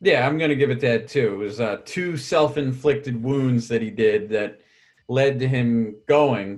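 A man's voice: mid-range voice, unhurried. A man co-hosting a podcast in casual, easygoing chat, laughing now and then. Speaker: podcast co-host.

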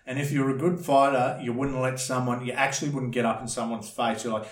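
A man's voice: mid-range voice, flat delivery, fairly quick, hardly any pauses. A man with an Australian accent telling rambling, blunt stories in a casual podcast chat, full of slang. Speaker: podcast guest, former bouncer. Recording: roomy echo.

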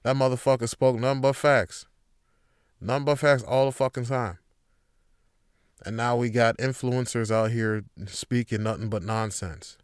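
Young guy ranting on his podcast, swears a lot, smooth voice, dead dry sound. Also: mid-range voice, moderate pace, no echo. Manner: profane, animated ranting with laughs; frequent fillers and restarts. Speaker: podcast host. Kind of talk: casual chat.

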